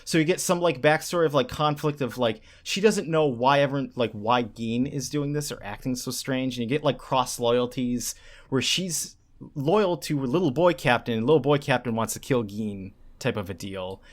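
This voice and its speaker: A man in a casual podcast chat, retelling a story with animated energy. He drops in quick impressions of the characters' lines and talks at an ordinary, mid-range pitch. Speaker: podcast co-host. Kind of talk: casual chat recapping a manga.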